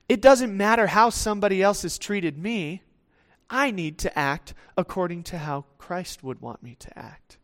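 A man with a high-pitched voice preaches a sermon. He talks in a conversational way and slips into quoted voices as he goes.

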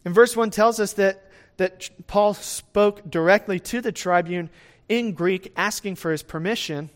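A man preaching a sermon in a conversational way, often checking in with his listeners. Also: high-pitched. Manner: lively swings in loudness, speeds up and slows down. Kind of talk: sermon, verse-by-verse teaching.

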